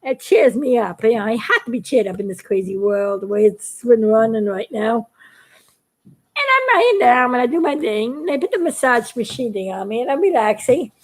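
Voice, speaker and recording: High, lively-voiced woman telling a story. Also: normal speed. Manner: chatty, laughs and giggles often. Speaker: YouTube cartoon maker. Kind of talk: casual storytelling vlog.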